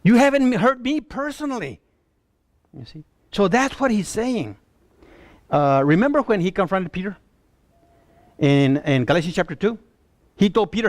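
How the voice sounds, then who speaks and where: A man preaching a sermon, animated and pleading, often asking his listeners if they see his point. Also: sits high, moderate pace, long pauses, dry recording, studio quality. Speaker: pastor.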